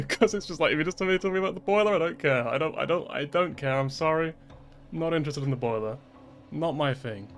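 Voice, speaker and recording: A man in his twenties, streaming and ranting in casual chat: animated, exasperated, swearing freely. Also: on the high side, a little fast. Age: 20s.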